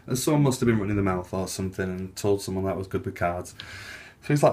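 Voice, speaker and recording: A man's voice: sits low, expressive, quick pace, darkish tone. A man, a card magician, telling a casual anecdote as patter for a trick. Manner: casual, anecdotal, fond of "I'm like". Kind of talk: chatty storytelling patter.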